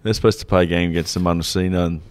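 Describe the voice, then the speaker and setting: A man's voice: deep voice, fairly even intonation, very fast. An Australian man co-hosting a podcast in casual, blunt, joking banter with plenty of swearing. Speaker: podcast co-host.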